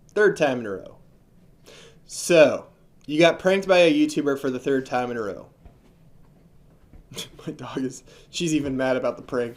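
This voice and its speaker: Man, casual outro chat, loose, laughing, mid-pitch voice. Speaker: YouTuber.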